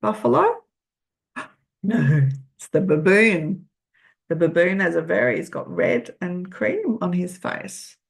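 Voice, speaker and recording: An older woman reading a children's picture book aloud, gently asking the listener questions. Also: on the low side, big pitch swings, measured pace, vocal fry.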